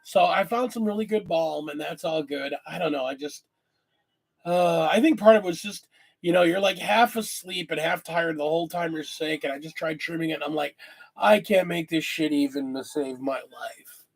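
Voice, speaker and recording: A man with a high voice talks straight to his viewers in a loose, rambling way. He sounds worn out, with a lingering cough. He swears casually as he goes. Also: brisk, creaky. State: tired, lingering cough after illness. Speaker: host. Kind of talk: casual chat to camera.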